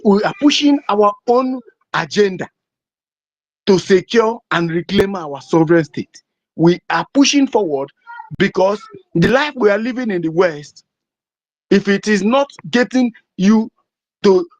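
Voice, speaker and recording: A man from southeastern Nigeria with a Nigerian English accent, giving an impassioned political address with emphatic, repetitive rhetoric. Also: high voice. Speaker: political activist. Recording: dull lo-fi recording.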